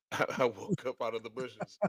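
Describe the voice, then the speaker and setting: A man's voice: mid-range voice, moderate pace, dry recording. A man co-hosting a podcast, telling a story in a casual chat, laughing often and acting out the voices of the people in it. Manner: laughing storyteller, acts out dialogue. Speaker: podcast co-host.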